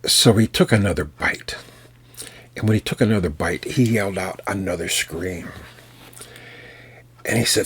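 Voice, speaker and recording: An American man working as a storyteller, telling a folk tale in an unhurried, folksy way with fillers and restarts. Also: lowish voice, lively intonation, breathy edge. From United States.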